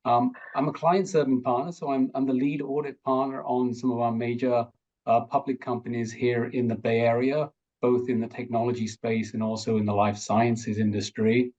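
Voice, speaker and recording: A man's voice: medium pitch, level tone, normal speed, darkish tone, lo-fi sound. A man with a non-American accent, an audit partner, explaining on a panel, fluent but prone to restarts.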